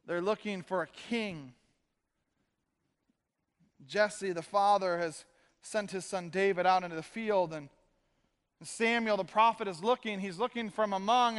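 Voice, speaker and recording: A man preaching as a pastor in a church, casual and joking, slipping into quick quoted asides. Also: high-pitched, a bit bright, clear, resonant tone, in a large hall. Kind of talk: casual sermon. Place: church sanctuary.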